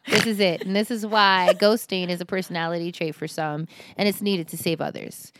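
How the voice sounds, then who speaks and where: A woman co-hosting a podcast, chatting casually and animatedly, laughing and thinking out loud. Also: fairly low pitch, brisk, slight background noise. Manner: animated, laughs often, muses aloud. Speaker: podcast co-host. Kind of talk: casual chat.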